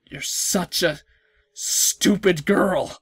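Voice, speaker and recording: A woman voicing a menacing young man gone mad, reading his game lines in a low, slow, sneering tone. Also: slightly rough, dry recording, heavily acted. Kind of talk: voicing game dialogue in a let's play.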